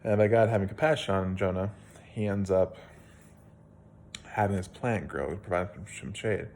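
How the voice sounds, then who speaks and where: A man's voice: low voice, normal speed, darkish tone, slight background noise. A young man, a video blogger, casually retelling a Bible story at home in a plain-spoken, rambling way with fillers.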